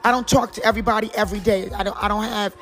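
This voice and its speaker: A woman's voice: medium pitch, steady tone, a bit bright, faint music behind. Long-winded woman talking faith. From North Carolina. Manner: long-winded, rambling, fills every pause with "you know what I'm saying". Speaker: podcast host. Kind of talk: casual faith talk.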